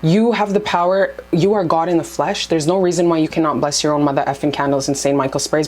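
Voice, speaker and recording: A woman's voice: sits low, steady tone, fast talker, hardly any pauses, darkish tone, a little hiss or hum. A young woman giving casual spiritual advice to her camera at home, blunt and profane, and heated in bursts. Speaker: spiritual vlogger.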